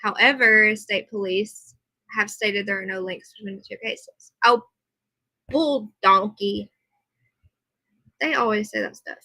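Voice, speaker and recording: A woman live streaming from her computer, reading a news report aloud and chatting with viewers in animated asides. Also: mid-range voice, moderate pace, no echo, low-quality recording. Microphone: computer mic, earbud in for monitoring.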